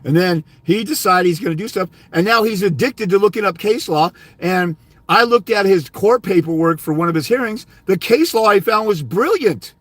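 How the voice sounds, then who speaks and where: Male consultant, high-pitched and dry. Berating, profane livestream ranter. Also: animated, normal speed, fairly bright tone, dry recording. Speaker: fathers' rights consultant. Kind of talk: ranting livestream monologue.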